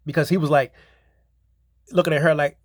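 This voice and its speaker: A man's voice: a little high, fairly even intonation, a little fast, no room sound, studio quality. A man giving a casual, rambling show-and-tell of his movie collection, repeating himself and leaning on fillers. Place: home theater room.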